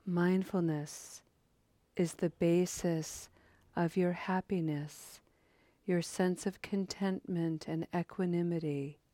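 A woman giving a gentle, contemplative dharma talk that leads into a guided meditation. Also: lowish voice, steady tone, slow, no room sound. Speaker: meditation teacher.

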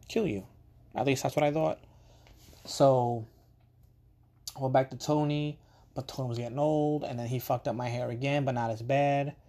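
Mellow-voiced New man telling stories. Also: mid-range voice. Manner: rambling and conversational, swears casually, many ums and asides. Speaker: podcast host. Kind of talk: casual storytelling monologue.

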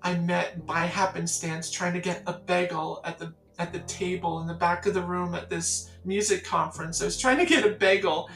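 A woman's voice: on the low side, normal speed, few pauses, echoey room, faint music behind, poor audio. A woman from the Catskills, a songwriter, telling stories in a casual interview and acting out the people in them. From Catskills, New York. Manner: animated storyteller acting out quoted voices. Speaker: songwriter guest.

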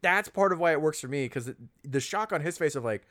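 A man's voice: fairly high pitch, lively intonation, brisk, hardly any pauses, a bit bright. A man in casual conversation about a film, analytical, often restarting his sentences and quoting scenes. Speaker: podcast co-host.

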